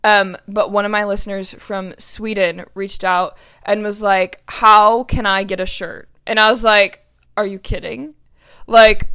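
A woman's voice: medium pitch, fairly bright tone, clean tone. A young woman hosting her own podcast, talking casually, earnest and emotional, with lots of fillers and restarts. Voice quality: chatty, many fillers and restarts. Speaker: podcast host. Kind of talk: casual solo podcast chat.

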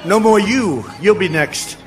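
Older man shouting a rally speech. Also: high-pitched, expressive, a little slow. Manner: boastful, rambling, ad-libbing to the crowd, often shouting. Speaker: political speaker at a rally. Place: outdoor rally with a cheering crowd. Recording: speech over a faint crowd and noisy ambience.

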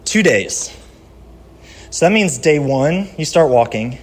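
A man pastor giving a sermon in a conversational style, telling personal stories and dropping from lively to hushed. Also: fairly high pitch, moderate pace, slightly rough.

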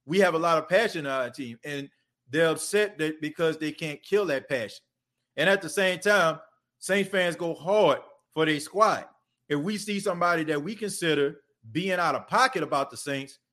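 A man runs his own sports podcast in a relaxed, off-the-cuff monologue. His voice sits a little higher than most men's, and he rambles conversationally, circling back with filler phrases as he makes his points. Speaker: podcast host.

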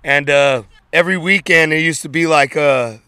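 A man's voice: on the high side, moderate pace, bright, forceful tone, clear, resonant tone, no room sound. A man from San Francisco telling stories as an interview guest, laid-back and streetwise, with plenty of slang and swearing. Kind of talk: casual storytelling interview.

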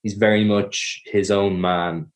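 A young Irish man, an actor being interviewed on a podcast, answering in a thoughtful, measured way and often correcting himself mid-sentence. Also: on the low side, level tone. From Ireland. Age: young adult. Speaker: actor guest.

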